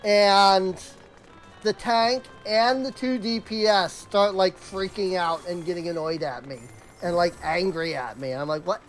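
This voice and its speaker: A game streamer speaks at a measured pace in a mid-range voice while faint music plays behind. Chatting casually on the live stream, they tell exasperated stories full of "like" and false starts.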